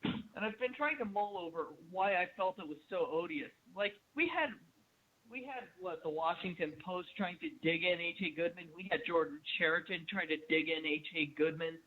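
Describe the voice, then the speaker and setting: Male caller, high-pitched, agitated and halting, heard over a tinny phone line. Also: a little hiss or hum. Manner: agitated, profane, halting with many fillers. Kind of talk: ranting call-in comment.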